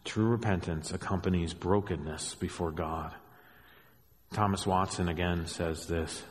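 A middle-aged man preaching a sermon as a pastor, animated, with joking asides, swinging between hushed and raised delivery. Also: deep voice, measured pace. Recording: long hall reverb.

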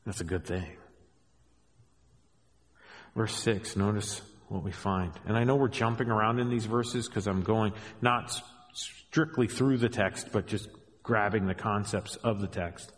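A middle-aged man preaching a sermon as a pastor, animated, with joking asides, swinging between hushed and raised delivery. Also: lowish voice, measured pace. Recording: long hall reverb.

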